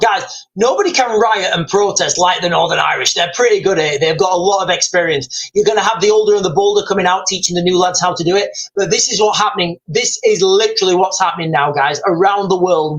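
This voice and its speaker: High-voiced man hosting a live stream. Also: fairly bright tone, rough recording. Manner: rambling, repeats himself, talks straight to viewers. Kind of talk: live stream chat, reading comments.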